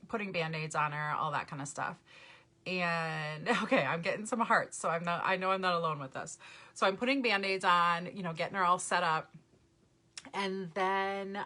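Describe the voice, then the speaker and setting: A woman's voice: fairly low pitch, sharp tone. A woman hosting a live makeup tutorial, chatting casually, laughing often and greeting viewers by name. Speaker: makeup vlogger, mother.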